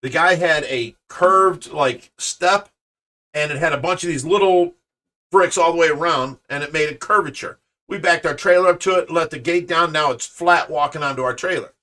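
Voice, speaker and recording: A man hosting a show, telling a story in casual chat, animated and restarting his sentences often. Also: fairly high pitch, moderate pace. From Ohio, USA. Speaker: show host. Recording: voice a bit far from the mic.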